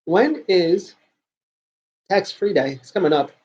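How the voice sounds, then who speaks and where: A man's voice: high-pitched, big pitch swings, slow pace, a little mellow, husky, muffled recording. A man hosting a joke news show from home, rambling and self-mocking as he talks at his computer. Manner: rambling, joking, self-mocking, trails off and restarts. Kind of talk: casual rambling talk to camera.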